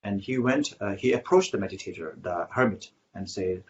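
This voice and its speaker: Halting man giving a muffled dharma talk. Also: lowish voice, animated, slight background noise. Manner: halting, many fillers and restarts. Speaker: Buddhist teacher. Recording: muffled lo-fi recording.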